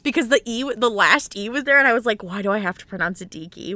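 A young woman co-hosting a casual book chat, animated and emphatic, swearing freely. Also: medium pitch, fast talker, dry recording.

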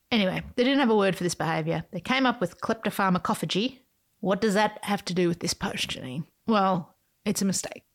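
Whimsical woman podcast host. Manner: whimsical, theatrical, with sudden swoops in pitch. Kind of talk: playful scripted monologue and reading.

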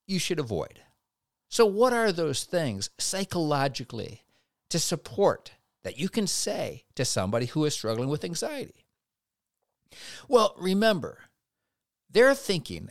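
A man's voice: a little high, gravelly, dry recording, clean studio sound. Earnest man giving devotional teaching. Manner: earnest, reassuring, measured. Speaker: Christian speaker.

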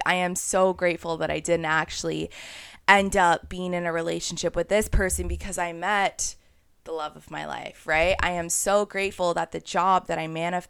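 A young woman hosts a spiritual podcast in an earnest, conversational monologue, now and then acting out voices in her head. Her voice sits a little low, with a gravelly fry under a smooth, resonant tone. The sound is dry and close. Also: a bit bright, no echo. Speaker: podcast host.

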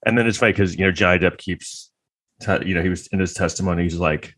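A man's voice: low voice, fast, fairly bright tone, no room sound. A man delivering a comedic monologue in a crude, sarcastic, rambling way, full of fillers and restarts.

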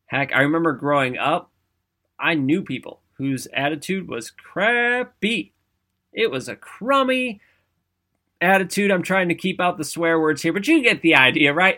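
Upbeat bright-voiced motivational man. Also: a little high. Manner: energetic, conversational, often asks "right?". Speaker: motivational speaker. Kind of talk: motivational talk to camera.

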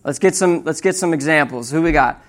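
Chatty young male preacher, higher voice. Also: brisk. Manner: conversational, keeps asking "right?"; animated storytelling. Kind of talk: sermon with audience questions.

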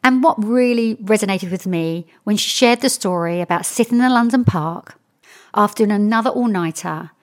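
A woman's voice: medium pitch, normal speed. A woman hosting a podcast, recapping guests in an effusive, upbeat manner. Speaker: podcast host. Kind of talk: episode recap narration.

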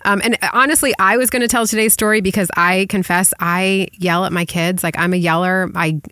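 A woman's voice: mid-range voice, steady tone, fairly quick, pushed and bright, no echo, studio quality. Upbeat woman hosting a podcast. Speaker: podcast host. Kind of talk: casual podcast chat.

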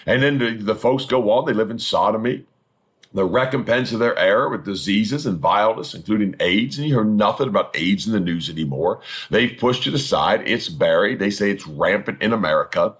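A middle-aged man, a pastor, preaching a sermon in an emphatic, fervent manner with a husky voice and repeated phrases. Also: on the low side, expressive, brisk, a bit bright.

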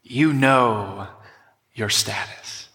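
A man's voice: fairly low pitch, drawn-out words, pushed and bright. Man, pastor, preaching a sermon, emphatic, teaching tone, ringing voice, echoing sanctuary. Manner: emphatic, teaching, drills words with the congregation. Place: church sanctuary. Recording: long hall reverb.

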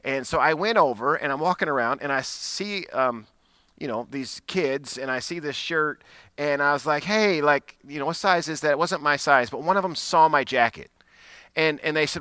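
A middle-aged pastor with a bright, forward voice, pitched a little high for a man. He preaches in an easy, storytelling way and laughs at himself. The sound is close and dry. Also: brisk, no echo. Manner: conversational storytelling, self-deprecating, frequent restarts. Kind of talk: sermon with personal story.

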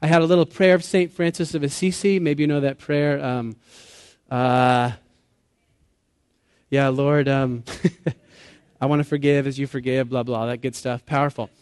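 A man's voice: mid-range voice, level tone, measured pace, long pauses, a little mellow, clean tone, no echo, studio quality. A man in his late thirties preaching a sermon to a live audience, talking in an earnest, conversational way, laughing at himself and putting questions to the listeners. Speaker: pastor. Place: church or meeting hall with an audience.

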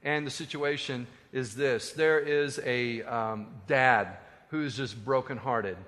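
A man preaching a sermon as a pastor, animated and conversational with joking asides, in a hall with long reverb. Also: medium pitch, takes it slowly.

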